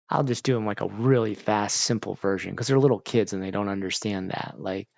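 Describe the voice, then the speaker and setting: A man's voice: on the low side, fairly quick, gravelly, few pauses, a little mellow, dry recording. A man, an art teacher, chatting casually on a livestream, joking and swearing as he rants. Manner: profane, ranting, joking. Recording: dull lo-fi stream audio, dry.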